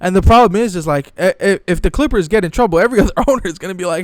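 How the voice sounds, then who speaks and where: A man's voice: high-pitched, lively intonation, rapid-fire, hardly any pauses, no room sound, clean studio sound. A man from the Los Angeles area giving heated, profane, sarcastic sports commentary. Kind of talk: ranting opinion commentary.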